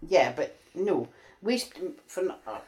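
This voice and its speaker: North-east Scottish woman, lowish voice, rambling interviewee, full of "aye". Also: animated, a little slow, a little mellow, low-quality recording. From north-east Scotland. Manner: chatty, rambling, frequent "aye" and "uh-huh". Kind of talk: casual reminiscing chat.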